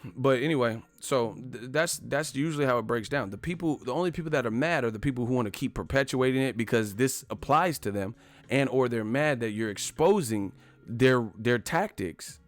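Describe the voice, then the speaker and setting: A man's voice: medium pitch, animated, normal speed, no room sound. A man hosting a boxing live stream, talking casually and profanely, retelling stories with acted-out quotes. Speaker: boxing channel host.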